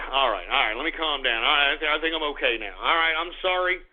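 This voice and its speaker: A man's voice: on the high side, background noise. A man hosting an internet radio show, ranting in exasperation and cursing, with frequent sighs. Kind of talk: ranting call-out monologue. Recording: tinny phone-like line.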